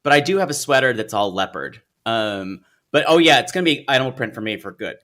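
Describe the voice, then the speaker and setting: A chatty podcast co-host who gossips and laughs his way through stories. His voice is bright and sharp, and it leaps around a lot. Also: mid-range voice, lively intonation, quick pace. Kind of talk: casual chat.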